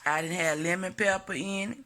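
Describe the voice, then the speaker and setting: A woman's voice: fairly low pitch, steady tone, a little fast, bright, forceful tone. A woman vlogging a blunt, profane opinion monologue to camera, hammering her points home by repeating them.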